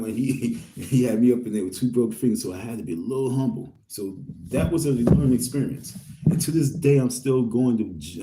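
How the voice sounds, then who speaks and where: A man's voice: mid-range voice, dark tone, slight background noise. A man from Queens, rambling through a story in street slang and reading viewer comments to his audience. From Queens, New York. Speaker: vlogger.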